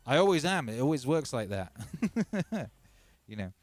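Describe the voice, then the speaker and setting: A man's voice: medium pitch, sing-song, measured pace, no room sound. Rambling male livestream host, self-mocking. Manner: rambling and self-mocking, with frequent fillers and restarts; talks straight to viewers as brothers and sisters. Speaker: livestream host and music producer. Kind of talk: casual livestream chat, reading viewer comments aloud.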